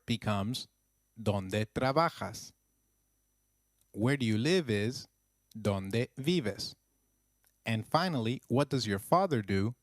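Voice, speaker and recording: A man narrating a scripted language lesson in an even teaching voice, slowing down to model phrases. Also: medium pitch, no room sound, studio quality.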